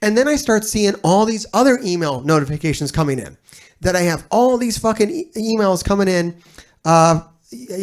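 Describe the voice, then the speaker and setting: A man's voice: high voice, brisk. A man giving casual reaction commentary as a streamer, telling a rambling story full of swearing.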